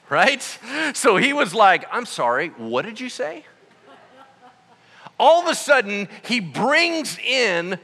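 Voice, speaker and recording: A man preaching a sermon, telling a story in an animated, comic way with voices for the people in it. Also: high-pitched, long reverb tail. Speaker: pastor.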